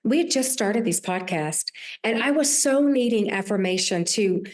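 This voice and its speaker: A woman's voice: medium pitch, lively intonation, normal speed, a little mellow. A woman in her sixties with a Southern US accent, a podcast host talking earnestly about her year, with many restarts. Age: 60s. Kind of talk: reflective conversation.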